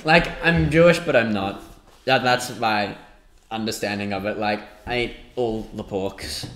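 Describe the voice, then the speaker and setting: A man's voice: lowish voice, measured pace, fairly bright tone. A young man chatting casually as a podcast co-host, laughing easily and teasing his friends. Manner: laughs easily, playful ribbing. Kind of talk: casual chat. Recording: echoey room.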